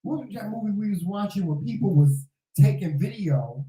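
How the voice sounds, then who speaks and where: Emphatic co-host with a very dark voice. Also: mid-range voice, expressive, normal speed. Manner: loud, emphatic, swears freely. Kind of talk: casual chat. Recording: echoey room.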